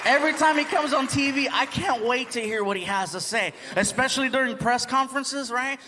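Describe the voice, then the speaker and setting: A man performing a stand-up comedy set on a live stage, animated and laughing often, slipping into voices for his bits. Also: very high-pitched, fairly quick, hardly any pauses, a faint crowd. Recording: live show with audience noise.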